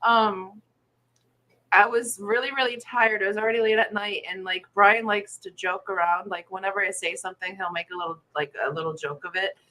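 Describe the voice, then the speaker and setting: A woman's voice: medium pitch, steady tone, fairly quick, sharp tone, low-quality recording. A woman hosting a casual morning livestream, giggling often as she greets viewers and chats with her co-host.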